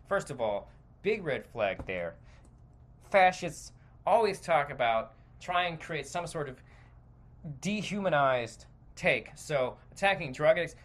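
A man hosting a podcast, delivering a heated, profane opinion monologue that rambles and interrupts itself. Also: medium pitch. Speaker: podcast host.

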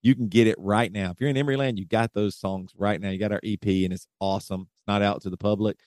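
A man co-hosts a podcast with a loose, joking manner, often breaking into laughter. His voice sits on the low side. The sound is dry and close, with no room echo. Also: fairly even intonation, fast, darkish tone. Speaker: podcast co-host. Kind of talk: casual chat.

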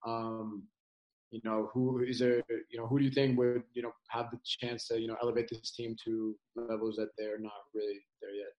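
Dude hosting a sports pod, pretty monotone, swears a lot, lots of um and you know. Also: male voice, medium pitch, moderate pace, lo-fi sound. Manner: loose, profane, filler-heavy. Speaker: podcast host. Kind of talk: casual sports chat.

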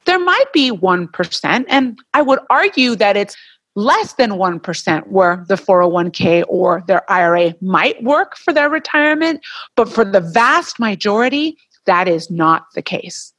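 Speaking at a measured pace in a mid-range voice, a podcast co-host talks on her own in a casual, chatty manner. She stays animated, gets heated now and then, and laughs at times, with no room sound in the audio.

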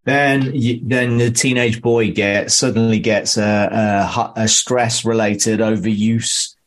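Animated low-voiced man in his forties. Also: takes it slowly. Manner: animated, restarts mid-thought. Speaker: sports science co-host. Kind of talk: casual chat and explanation.

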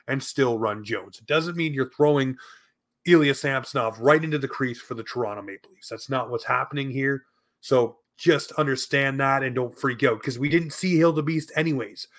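A man's voice: medium pitch, fairly bright tone. A man giving an opinionated hockey commentary monologue, emphatic and argumentative, repeating his points.

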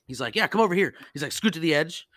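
A man hosting a podcast, telling stories in a casual, animated and profane way and acting out the people he quotes. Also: a little high, quick pace, no room sound. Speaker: podcast host. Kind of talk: casual storytelling chat.

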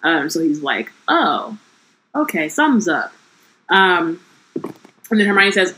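A woman host reading a novel aloud in a relaxed way, with fillers and murmured agreement between passages. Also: on the low side, unhurried, pauses often, a little hiss or hum, low-quality recording.

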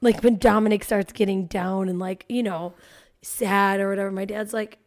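A woman in her thirties chats with her partner in casual podcast talk. She is animated and swears freely, laughing often and slipping into acted-out quotes. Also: mid-range voice, moderate pace. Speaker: podcast co-host. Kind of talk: casual chat.

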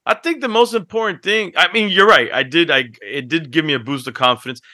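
A man on a podcast, co-hosting and telling stories in a casual, animated way that breaks into laughter. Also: on the high side, a little fast, no echo, studio quality. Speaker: podcast co-host. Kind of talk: casual chat, storytelling.

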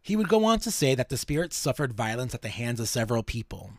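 A man's voice: mid-range voice, big pitch swings, fast talker, darkish tone, no echo. A man hosting a podcast and summarizing a story casually, with fillers and the odd swear. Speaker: podcast host.

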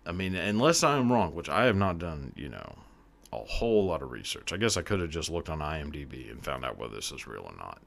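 Deep-voiced man rambling on a podcast. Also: sing-song, brisk, gravelly, fairly bright tone. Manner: rambling, profane, self-deprecating. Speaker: podcast host. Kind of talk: casual solo podcast chat.

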